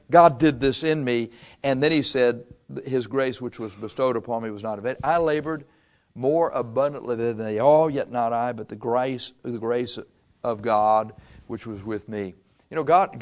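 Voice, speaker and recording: A male pastor preaching a sermon in a conversational way. He chuckles often and reads scripture aloud. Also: medium pitch.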